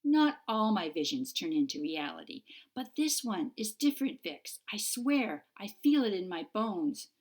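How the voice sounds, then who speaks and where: A woman's voice: medium pitch, very animated, unhurried, few pauses. A woman voicing an earnest, eager young witch in an audiobook, with an insistent, pleading manner. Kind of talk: audiobook character voice.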